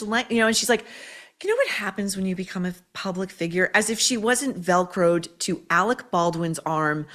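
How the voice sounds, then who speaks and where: A woman's voice: mid-range voice, a bit bright. A woman hosting a commentary show, scathing and sarcastic as she tears into her subject. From United States. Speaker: host. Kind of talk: opinionated commentary.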